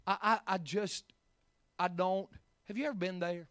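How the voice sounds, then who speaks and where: High, bright-voiced preacher. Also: male voice, fairly even intonation, normal speed, no echo. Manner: swings from quiet to shouting, many "uh" fillers. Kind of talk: sermon.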